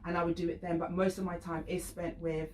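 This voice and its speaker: A woman's voice: lowish voice, fast talker, echoey room, recorded from a distance, slight background noise. Storytelling woman, a little off mic. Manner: animated storyteller, laughs often, acts out voices. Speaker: professional dominatrix, radio guest. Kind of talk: casual radio chat, storytelling.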